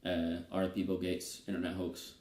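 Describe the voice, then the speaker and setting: A man co-hosts a casual living-room podcast, rambling through his points and laughing often. His voice is low and warm. The room gives it a noticeable echo. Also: completely flat delivery, normal speed. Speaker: podcast co-host. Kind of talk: casual chat. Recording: echoey room.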